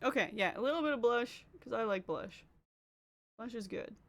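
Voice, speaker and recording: Chatty Canadian woman streaming, slightly high. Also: expressive, moderate pace. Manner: chatty, reads and answers chat. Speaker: livestreamer. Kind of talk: casual stream chat while doing makeup.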